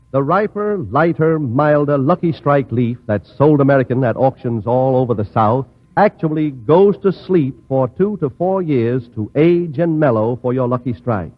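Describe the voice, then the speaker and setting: A man reading a scripted radio commercial in a smooth, persuasive announcer delivery. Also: medium pitch. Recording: dull 1940s radio broadcast recording.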